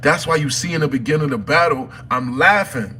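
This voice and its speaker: A man from Harlem, hosting a phone livestream from home and telling a story in an animated, profane way that swings from loud to hushed. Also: on the high side, a little fast, slight background noise. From Harlem, New York.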